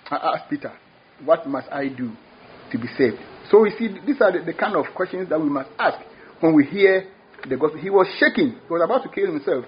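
A man's voice: on the high side, slight background noise. A man preaching a sermon, emphatic, often repeating words as he builds his points. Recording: dull lo-fi recording.

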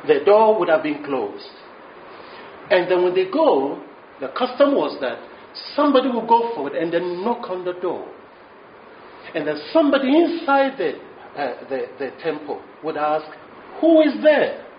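A man preaching a sermon, mixing English and Twi, telling a story in an animated way. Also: high voice, normal speed, a little hiss or hum. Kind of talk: sermon with interpretation. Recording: echoey room, dull lo-fi sound.

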